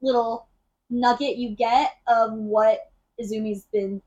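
A woman co-hosting a book podcast, chatting casually and retelling scenes with quick asides. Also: fairly high pitch, steady tone, darkish tone, dull audio. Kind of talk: casual chat.

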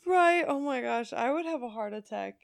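A young woman cohosts a casual podcast, teasing and giggling as she tells stories. Her voice sits a bit high and is recorded close and dry. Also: lively intonation, normal speed, creaky, no echo. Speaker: podcast co-host. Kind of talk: casual chat.

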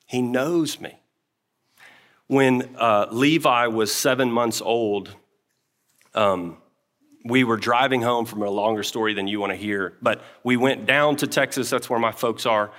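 A man's voice: medium pitch, a little slow, fairly bright tone. A man preaching a sermon in an earnest, conversational way, telling a personal story with many asides and then leading a prayer. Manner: acts out quoted speech, dropping to a whisper at times. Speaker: pastor.

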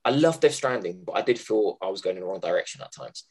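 A man's voice: low-pitched, animated, fast talker, darkish tone. A man co-hosting a gaming podcast, earnest and emphatic, repeating his points to drive them home. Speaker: podcast co-host. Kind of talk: casual chat.

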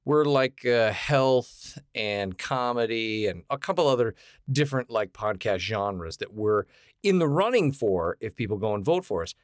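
A man co-hosting a podcast, with playful, self-mocking banter that rambles on. His pitch swings widely. The sound is dry and close to the mic. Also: lively intonation, measured pace, no room sound. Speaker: podcast co-host. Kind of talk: casual banter.

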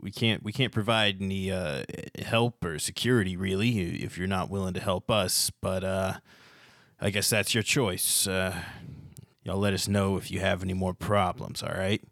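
A man's voice: low voice, fairly even intonation, moderate pace, gravelly, a bit bright, dry recording, studio quality. A game master doing the voice of nervous male town guards who stammer and hesitate. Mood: resigned.

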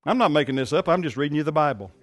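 A male preacher giving an animated sermon, sarcastic and full of pointed rhetorical questions. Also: fairly high pitch, rapid-fire.

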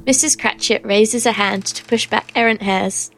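A woman narrating as game master of a tabletop game, unhurried, with many ums. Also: medium pitch, steady tone, faint music behind.

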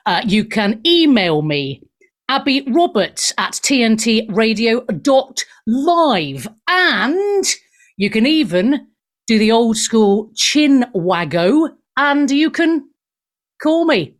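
A middle-aged woman from Wales hosting a talk radio show, sarcastic, profane and animated as she rants into a studio mic. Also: a little high, slow.

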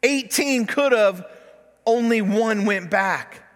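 A man with a high voice preaches slowly as pastor in a church sanctuary, and the audio has a big-room sound. His sermon is told as a story, with him voicing the characters in their quoted lines.

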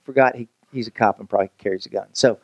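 A man's voice: lowish voice, quick pace, no echo, highs cut off. A male pastor preaching a sermon in a loose, conversational way, joking with the congregation and often restarting his sentences.

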